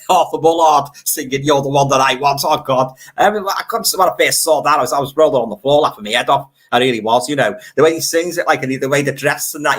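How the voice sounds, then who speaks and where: A man's voice: mid-range voice, a bit bright. An older man, hosting a live stream in a chatty, nostalgic way, reading out viewer comments and laughing easily.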